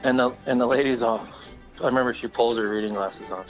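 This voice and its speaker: A man's voice: medium pitch, quick pace, highs cut off, over music. A man calling in to tell a funny story, laughing as he goes and acting out the people in it. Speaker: caller. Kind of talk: animated storytelling.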